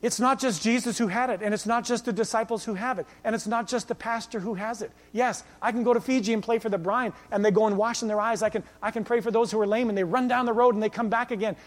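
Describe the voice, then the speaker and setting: A male pastor preaching a sermon, swinging between loud exhortation and quiet storytelling. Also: sits high, fairly even intonation, quick pace, hardly any pauses.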